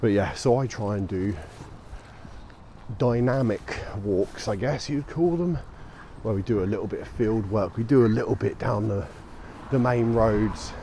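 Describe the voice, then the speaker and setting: A man's voice: on the low side, measured pace, mellow, low-quality recording. Chatty man walking his dog. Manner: chatty, rambling, calls out commands to his dog. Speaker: dog walker vlogger. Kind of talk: casual walking commentary. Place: outdoors on streets and fields at dusk. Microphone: action camera mic. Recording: outdoor action camera with clear traffic noise. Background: traffic and street noise.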